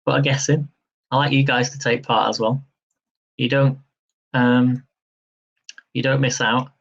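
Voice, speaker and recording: A man's voice: mid-range voice, level tone, measured pace, creaky, long pauses, a bit bright, slightly rough, lo-fi sound. A man hosting a live-stream quiz, chatty and upbeat, laughing easily as he reads questions and counts down. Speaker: quiz host.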